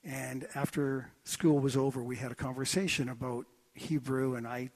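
A man preaching a sermon in a church, telling stories in an animated, joking way. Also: mid-range voice, normal speed. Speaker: pastor. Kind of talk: sermon with anecdotes.

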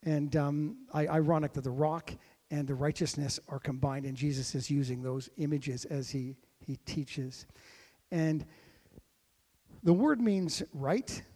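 A man preaching a sermon as pastor, dropping to a hush and then rising to loud, ringing exclamations. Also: a little high, big-room sound. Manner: dynamic preaching, swinging from hushed to shouted.

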